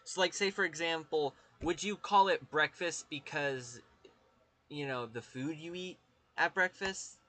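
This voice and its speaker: A man's voice: fairly high pitch, unhurried, bright, forceful tone. A man with a Southern US accent, chatting casually with his live-stream viewers, rambling and swearing as he talks to chat.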